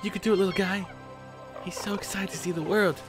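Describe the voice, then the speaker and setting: A man's voice: high voice, steady tone, quick pace, over music. A young man casually commenting while playing a video game, joking, reading on-screen prompts aloud and talking to his creature. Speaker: gaming YouTuber. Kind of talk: let's play commentary.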